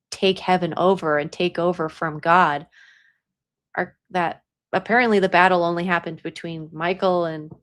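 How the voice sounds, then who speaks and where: Chatty psychic woman, slightly low voice. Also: fairly bright tone. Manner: chatty, laughs often, drops into whispers while telling a story. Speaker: psychic medium. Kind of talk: casual spiritual talk.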